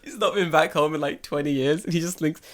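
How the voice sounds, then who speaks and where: A man's voice: on the high side, quick pace. A man co-hosting a casual podcast, an English teacher in Japan telling classroom stories, laughing often and swearing freely. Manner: laughs a lot, swears, acts out voices in anecdotes. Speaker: podcast co-host. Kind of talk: casual chat.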